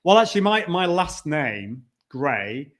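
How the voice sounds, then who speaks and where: Over crowd noise, a man with a fairly high, very animated voice talks unhurriedly while hosting a live video show from a conference venue. He chats casually and reads out viewer comments as they come in, in typical live-stream style.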